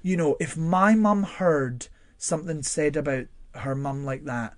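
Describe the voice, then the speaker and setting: Expressive guest, dry studio sound. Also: male voice, on the high side, measured pace, no room sound. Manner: expressive storyteller with frequent fillers and laughs. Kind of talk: candid personal interview. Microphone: studio microphone.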